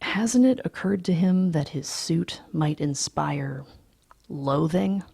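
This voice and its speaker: A woman's voice: deep voice, expressive, takes it slowly, creaky, dark tone, slightly rough, full character voice. A woman voicing a cold, irritable young male yuppie, muttered and half-whispered, in an audiobook reading.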